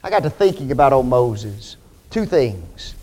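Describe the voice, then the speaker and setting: A man's voice: mid-range voice, big pitch swings, measured pace, warm tone. A man preaching a sermon, emphatic, with rhetorical questions to the congregation.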